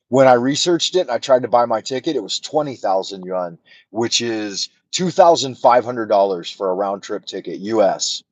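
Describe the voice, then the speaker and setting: An American man hosts a livestream from his home in China, talking into a mounted camera mic in a lowish voice. His chat is rambling, emotional, and profane, and the recording is dry.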